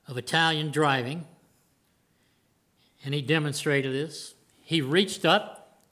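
Older man, preacher; earnest plain-spoken sermon, voice sits a bit high. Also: bright, forceful tone. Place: church before a congregation.

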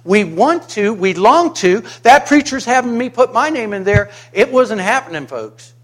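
A man preaching a sermon to his congregation, passionate, asking rhetorical questions and swinging from quiet reflection to loud emphasis. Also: high voice, big pitch swings, moderate pace. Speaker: pastor.

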